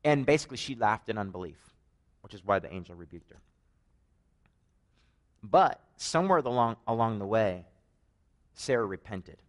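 A man's voice: on the low side, normal speed, pauses often. A man with a Canadian accent preaches a conversational sermon, telling stories with joking asides. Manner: animated storytelling, joking asides.

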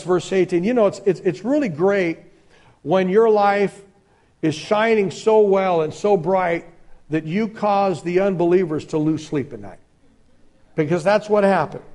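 A male pastor preaching a sermon, emphatic and swinging between loud exclamations and quiet asides. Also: sits high.

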